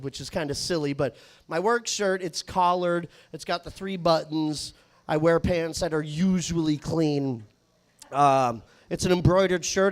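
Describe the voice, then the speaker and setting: A man doing a live stand-up set, telling rambling, self-mocking stories full of swearing. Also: on the high side. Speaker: stand-up comedian. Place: live comedy stage.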